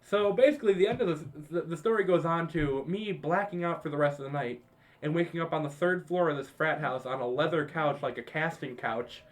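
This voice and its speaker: A young man with a somewhat high voice tells a party story to his friends on a podcast. He swears freely and breaks into laughter as he goes, retelling the night with lively energy. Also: fairly quick. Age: young adult. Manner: laughing, profane, animated retelling. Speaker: podcast co-host. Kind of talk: casual storytelling among friends.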